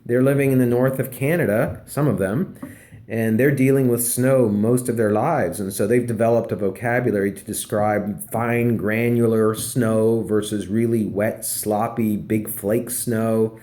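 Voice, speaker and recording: A man's voice: on the low side, fairly even intonation, unhurried, dark tone. A man, a professor, giving a conversational recorded lecture with fillers and emphatic repeats. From Pennsylvania.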